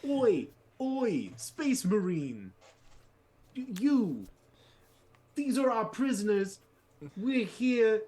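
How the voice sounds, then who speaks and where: A man's voice: sits high, sing-song, very slow, long pauses, pitched above the performer's own voice, full character voice. A man voicing a rowdy, brash executioner who barks at a soldier in a raised voice. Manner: shouty, brash. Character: rowdy male executioner with cockney-ish bark.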